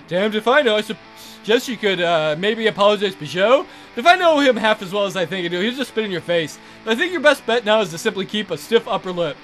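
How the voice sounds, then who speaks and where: A man's voice: sits high, animated, fast, a bit bright, soft background music. A man reading a text adventure aloud, voicing a blunt but sympathetic senior naval officer in a firm, emphatic manner. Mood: earnest.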